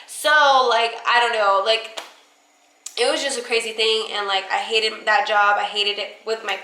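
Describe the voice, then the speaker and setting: A young woman telling a story in a casual vlog, animated and full of fillers. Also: mid-range voice, moderate pace. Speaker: vlogger. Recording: echoey room.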